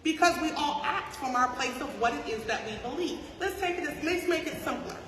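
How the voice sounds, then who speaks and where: A woman teaching a class as a spiritual teacher, talking conversationally with rhetorical questions and "right?" checks. She swings between soft asides and loud emphasis. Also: sits high, expressive, moderate pace, noisy background. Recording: echoey hall from far off.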